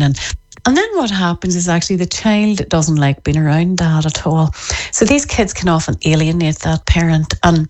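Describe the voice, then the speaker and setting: A woman, a parenting author explaining her ideas in an interview in a lively way. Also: fairly low pitch, moderate pace. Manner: lively, acts out parents' voices in quotes. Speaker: parenting author and expert guest.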